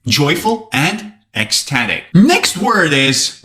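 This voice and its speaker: A man teaching an English vocabulary lesson to camera, lively and playful, with joking asides. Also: fairly high pitch, slow, a little hiss or hum.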